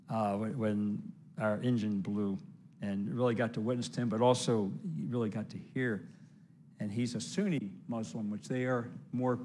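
A man preaching a sermon, telling lively stories and urging listeners on, with loud exclamations and hushed asides. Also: mid-range voice, slight background noise. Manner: exhorting listeners directly.

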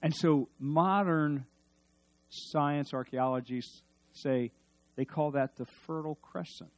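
A male preacher giving a sermon, swinging between loud emphasis and hushed asides and leading the congregation in call-and-response. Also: a little high, steady tone, slow, faint music behind.

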